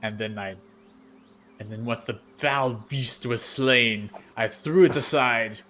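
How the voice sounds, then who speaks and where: A man voicing a boastful male Earth Genasi warrior who tells bloody battle stories loudly. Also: slow pace. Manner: booming, swaggering storyteller.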